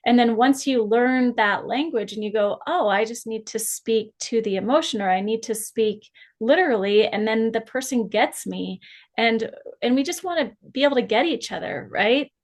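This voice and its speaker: A woman's voice: fairly high pitch, normal speed. A woman hosting a podcast interview, affirming and summing up her guest's points. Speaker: podcast host. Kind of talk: conversational interview.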